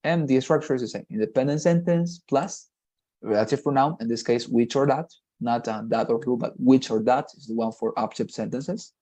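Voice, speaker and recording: In an online class, a man whose first language is Spanish walks through English grammar step by step, often asking "right?" to make sure students follow. His mid-range voice is dark and mellow, at normal speed.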